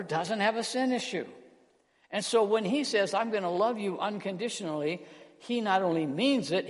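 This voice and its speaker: Man preaching in a reverberant hall. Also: sits high. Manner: earnest preaching, slowing and softening on key words. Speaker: pastor. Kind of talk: sermon.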